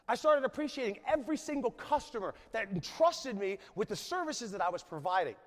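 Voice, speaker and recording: A man in his forties delivers an emphatic motivational keynote on a conference stage, his voice pitched notably high. He keeps checking in with the crowd as he talks. The sound carries a long reverb from the large hall. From New Jersey, USA. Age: 40s. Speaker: conference speaker.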